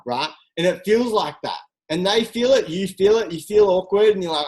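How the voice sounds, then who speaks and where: A coach giving an energetic, direct motivational talk on a group call, full of rhetorical questions. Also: medium pitch, normal speed, low-quality recording. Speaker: team coach.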